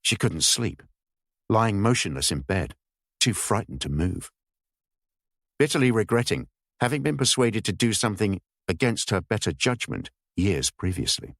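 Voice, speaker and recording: Deep-voiced male audiobook narrator. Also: big pitch swings, moderate pace, fairly bright tone, no room sound, studio quality. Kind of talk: scripted narration.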